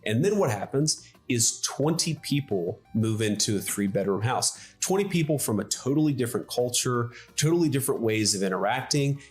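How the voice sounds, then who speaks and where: A man answering in an interview clip, speaking in a measured, explanatory way. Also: medium pitch, expressive, soft background music.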